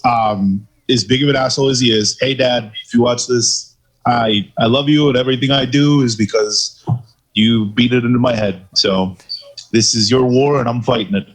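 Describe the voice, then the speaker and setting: A man co-hosting a podcast, telling stories in a casual, profane, animated way. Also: medium pitch, normal speed, low-quality recording. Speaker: podcast co-host. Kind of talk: casual storytelling chat.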